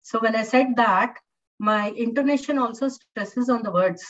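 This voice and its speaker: A woman's voice: on the high side, normal speed. A female English lecturer teaching an online class, patient and repetitive, with many fillers. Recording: distant, dull lo-fi online audio.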